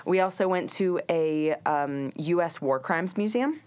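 An American woman with a notably low, deep voice for a woman speaks as a guest on a chat show. She talks casually in the manner of an easygoing storyteller. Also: a little slow, darkish tone. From United States. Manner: chatty storyteller.

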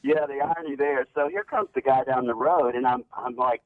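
A man's voice: medium pitch, fairly even intonation, moderate pace, hardly any pauses. A man calling into a talk show as a guest, telling his side of a story with wry, dry humor. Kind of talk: casual talk show interview. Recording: tinny phone line.

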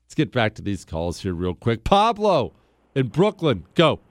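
A man hosts a call-in radio show from a studio, chatting with quick jokes and chuckles. His pitch swings widely as he talks. The sound is close and dry, with no room echo. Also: huge pitch swings. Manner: joking, chuckles often, quick asides. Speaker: talk radio host. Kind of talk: casual talk radio chat.

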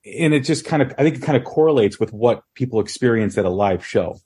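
A man hosting a podcast, asking questions in a measured, thoughtful way. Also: medium pitch, animated, warm tone, husky. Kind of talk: casual podcast conversation.

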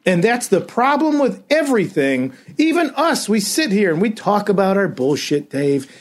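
A man's voice: high-pitched, big pitch swings, moderate pace. A man on a podcast, a comedian ranting and swearing in exasperated casual chat. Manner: self-described comedian. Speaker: podcast co-host.

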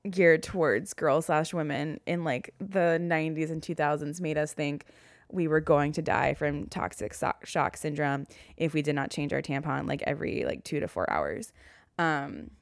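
A woman's voice: low-pitched, normal speed, dry recording, clean studio sound. A woman in her thirties hosting a solo podcast, chatting candidly and rambling with self-deprecating asides. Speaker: podcast host. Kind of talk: casual solo podcast chat.

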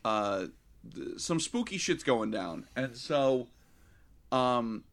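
A man's voice: mid-range voice, takes it slowly. A man co-hosting a casual movie review chat, retelling scenes with swearing and acted-out voices. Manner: animated, profane, acts out scenes in mock voices. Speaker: podcast co-host.

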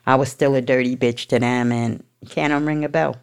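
A woman's voice: very deep voice, fairly even intonation, brisk, a little mellow, clear, resonant tone. Blunt, profane woman telling her recovery story. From New York. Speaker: recovery speaker. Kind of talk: candid personal recovery story.

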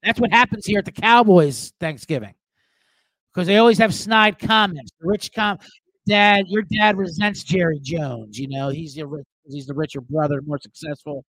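A man's voice: fairly high pitch, normal speed, no room sound, rough recording. A man hosting a sports betting show, ranting comically with lots of swearing and mimicking relatives. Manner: profane, animated, mimics family members. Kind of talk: comedic live-stream rant.

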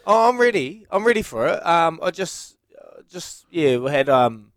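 A man's voice: fairly high pitch, sing-song, normal speed, no echo. A man co-hosting a radio show, telling a rambling, self-proud story in casual banter. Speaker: radio co-host.

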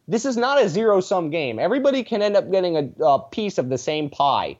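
A man's voice: high-pitched, big pitch swings, a little fast, darkish tone. A man chatting as a podcast guest, rambling through tangents with a sarcastic sense of humor. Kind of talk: casual podcast chat. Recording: dull lo-fi sound.

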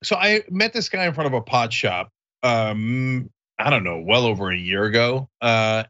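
A man's voice: mid-range voice, animated, moderate pace, pushed and bright, lo-fi sound. A man hosting a casual podcast chat over a remote call, chatty and laughing often as he acts out the people in his stories. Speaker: host.

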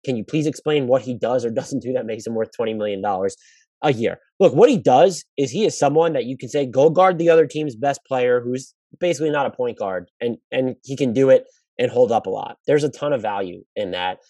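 A man's voice: mid-range voice, animated, fairly quick, dark tone, dry recording. A man hosting a basketball podcast, answering listener questions in a casual, thinking-aloud way with frequent restarts. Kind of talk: casual solo podcast analysis.

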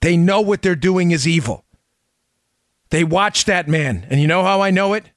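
A man's voice: high-pitched, moderate pace, no echo, studio quality. Impassioned middle-aged male podcast host. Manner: impassioned, emphatic, fires rhetorical questions. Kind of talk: political commentary monologue.

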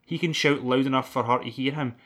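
A man's voice: medium pitch, fairly even intonation, fast talker, fairly bright tone, faint music behind. A man with a Scottish accent, co-hosting a podcast and recapping a film in a rambling, jokey, sweary way. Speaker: podcast co-host. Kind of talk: casual film recap chat.

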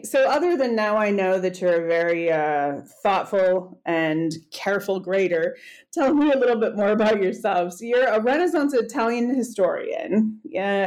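A woman's voice: mid-range voice, animated, measured pace, a little mellow. Chatty woman podcast host. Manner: chatty, rambling, laughs easily. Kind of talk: casual academic interview.

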